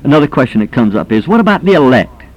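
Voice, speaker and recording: A man's voice: mid-range voice, sing-song, quick pace. Earnest folksy male preacher, lo-fi. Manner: earnest, emphatic, folksy, with anecdotes. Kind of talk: sermon on soul winning.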